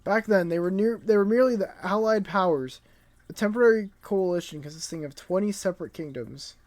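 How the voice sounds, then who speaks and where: A man voicing an old male genius scientist from a comic, reading his lines in a formal, lecturing storyteller tone, a little higher and louder than his own voice. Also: fairly quick, natural voice. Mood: solemn lecturing.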